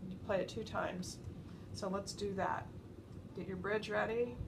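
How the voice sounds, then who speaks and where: A woman teaching a violin lesson, patient and encouraging, explaining each step slowly. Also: mid-range voice, fairly even intonation, gravelly, noisy background. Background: violin playing.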